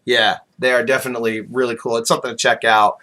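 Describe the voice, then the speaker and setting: A man's voice: medium pitch, level tone, fast talker, pushed and bright. A man speaking as a guest in casual podcast chat, modest and hesitant, with many ums and uhs.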